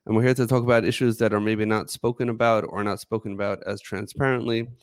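A man hosting a podcast and interviewing a guest in a measured way, often using filler phrases. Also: on the low side, level tone, smooth, dry recording. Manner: measured, with frequent "you know" fillers. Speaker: podcast host.

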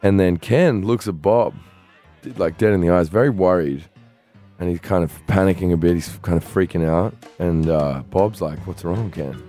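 Low, mellow male podcast co-host and animated storyteller who voices the people in his anecdotes. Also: moderate pace, faint music behind. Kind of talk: casual storytelling chat.

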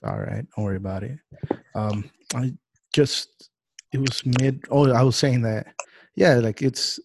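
Animated young man hosting a podcast. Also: mid-range voice, unhurried, creaky, a little hiss or hum. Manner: animated, acts out quotes in a raised voice. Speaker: podcast host. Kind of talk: casual interview chat. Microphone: video call.

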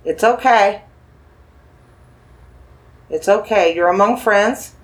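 A paranormal investigator works with dowsing rods to gently question a spirit in a medium-pitched voice. The delivery is coaxing and reassuring, full of repeated phrases and slow yes-or-no questions.

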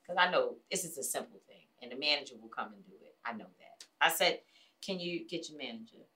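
Woman host, casual storyteller; lively, swooping pitch, acts out quotes, swears freely, mic a little distant. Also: fairly quick. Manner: animated, acts out other people's lines in quotes.

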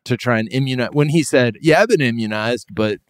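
Tired, deadpan male podcast host. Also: brisk, no room sound, clean studio sound. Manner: tired, low-key, deadpan with sudden loud bursts. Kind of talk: casual comedy podcast banter.

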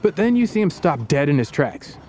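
A man hosting a podcast, telling a story in the second person, often laughing and jumping higher in pitch for quoted voices. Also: very animated, brisk, a little mellow, slight background noise.

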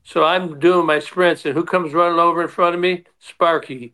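A man's voice: fairly high pitch, normal speed, creaky, hardly any pauses. A man in his sixties telling stories in a casual chat, acting out the voices of people he quotes. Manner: animated storyteller, acts out quoted voices. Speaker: guest, former player and manager.

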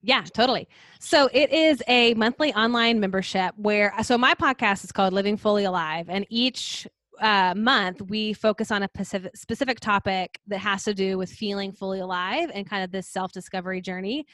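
A woman talking casually as a podcast guest, upbeat and chatty, her sentences full of little fillers. Her voice sits at a middle pitch and sounds close and dry, with no room around it. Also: normal speed, fairly bright tone, no room sound. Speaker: guest, yoga and meditation coach. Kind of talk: casual interview chat.

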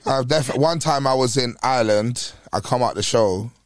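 A young man, guesting on a casual podcast, telling slangy, animated stories and acting out the people in them. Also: medium pitch, unhurried, dry recording, studio quality. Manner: animated storyteller, slangy, acts out the people he describes. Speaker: guest, rapper and TV presenter.

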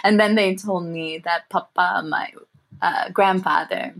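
Young adult woman, interview guest; slightly low pitch, thoughtful and warm, halting storytelling. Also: steady tone, gravelly. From grew up in England, family from Sri Lanka. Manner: thoughtful, warm, laughs softly, frequent fillers. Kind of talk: reflective personal storytelling.

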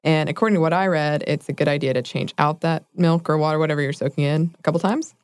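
A woman's voice: low-pitched, fast talker, darkish tone, clean tone, no echo. A woman co-hosting a casual food chat, laughing often and correcting herself. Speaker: podcast co-host.

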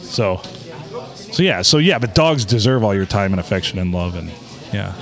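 A man's voice: fairly low pitch, lively intonation, moderate pace, a crowd in the background. A man co-hosting a casual podcast from a bar, joking around and laughing often. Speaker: podcast co-host. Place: bar on a Sunday night.

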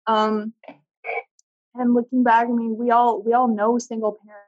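Young woman, candid and halting, lo-fi sound. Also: mid-range voice, little pitch movement. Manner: candid, emotional, halting and searching for words. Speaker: interview guest. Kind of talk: personal storytelling in conversation. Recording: dull lo-fi audio.

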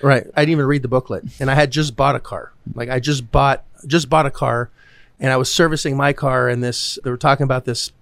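A man's voice: mid-range voice, steady tone, fairly quick, gravelly, fairly bright tone, no echo. A man talking about real estate deals in a casual, blunt way, swearing freely and acting out what others said. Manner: blunt, swears freely, acts out quoted voices. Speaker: podcast host, real estate investor. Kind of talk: casual chat.

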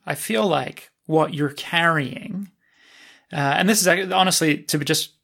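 A man's voice: on the high side, unhurried, gravelly, a bit bright. A man in his thirties hosting a podcast, talking frankly about himself and laughing often. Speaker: podcast host. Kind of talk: candid podcast talk.

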